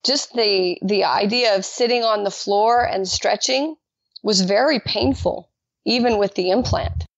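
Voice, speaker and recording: A woman guest telling her personal faith testimony in an animated way, acting out the dialogue she quotes. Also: measured pace, no echo. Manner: animated, acts out quoted dialogue with jumps in pitch. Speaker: podcast guest. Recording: dull lo-fi dry recording.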